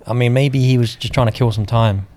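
A man's voice: mid-range voice, fairly even intonation, fairly quick, a little mellow. A man co-hosting a podcast in casual chat, laid-back with dry quips. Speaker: podcast co-host.

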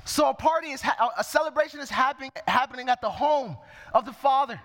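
A man's voice: very high voice, fast talker, fairly bright tone, in a large hall. A man preaching a sermon, reading scripture verse by verse and explaining it as he goes.

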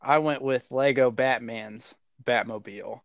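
A relaxed man hosts a casual geek podcast, taking his time with every sentence. His delivery is unhurried and loose, with an occasional curse word. The recording is dry and close, with almost no room sound. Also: medium pitch, no echo, muffled recording. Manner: laid-back, swears casually, laughs often. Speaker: podcast co-host.

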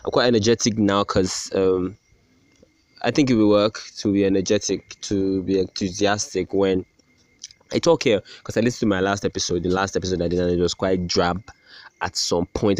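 Low-voiced man rambling on his podcast. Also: level tone, a little fast, darkish tone, no echo. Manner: rambling, sarcastic, self-deprecating, with many restarts. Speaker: podcast host. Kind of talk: casual solo podcast rant.

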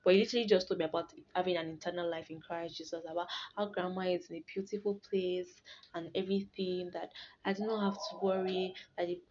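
A young woman casually sharing a faith testimony, animated and laughing as she tells the story. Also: on the low side, fast talker, a little hiss or hum. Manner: animated, laughs and restarts while telling a story. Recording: dull lo-fi recording.

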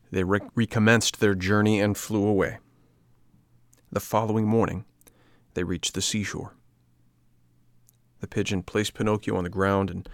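A man narrating a storybook in a measured, even reading. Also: sits low, dry recording, studio quality.

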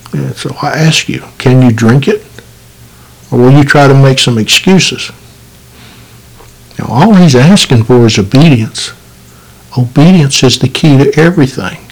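Male podcast preacher, gravelly tone, earnest urgent sermon delivery. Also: mid-range voice, poor audio.

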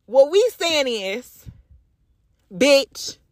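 Blunt, gravelly-voiced woman ranting. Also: high-pitched, expressive, normal speed, no echo, clean studio sound. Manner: blunt, profane, emphatic with repeated phrases. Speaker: podcast host. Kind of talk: unscripted solo podcast rant.

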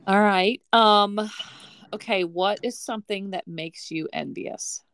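A woman's voice: medium pitch, slow, fairly bright tone, smooth. A woman hosting a podcast, chatting casually, asking her guest questions and laughing often. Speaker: podcast host. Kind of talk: casual interview chat.

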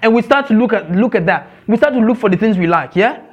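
A man preaching a sermon, emphatic and repetitive, asking his listeners questions and now and then mocking gossip in a squeaky voice. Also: expressive, fast, lo-fi sound. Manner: emphatic, repeats key phrases, asks the congregation questions. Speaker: pastor.

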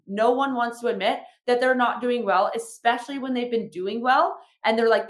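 A young woman hosting her podcast as a fitness trainer, talking casually and frankly, with lots of fillers and some swearing. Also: a little high. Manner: chatty, frank, swears often, many fillers. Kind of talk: casual solo podcast talk. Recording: echoey room.

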